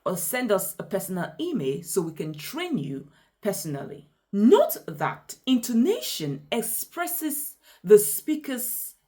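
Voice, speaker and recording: A woman coaching English pronunciation, speaking deliberately and acting out example sentences with exaggerated stress. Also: mid-range voice, darkish tone. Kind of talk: scripted pronunciation lesson.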